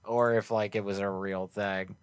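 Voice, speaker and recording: A man's voice: fairly low pitch, little pitch movement, moderate pace, clean tone, no room sound. A young man co-hosting a live stream, chatting loosely with profane, laughing banter. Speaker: stream co-host. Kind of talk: casual live-stream chat.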